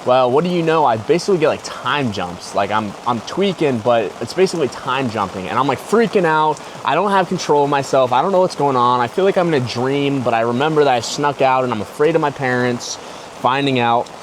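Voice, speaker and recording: A young man hosting a podcast rambles through a casual personal story, peppering it with slang like "bro" and constant "like"s. He speaks briskly with a medium pitch and lively intonation, while heavy rain pours loudly behind his voice.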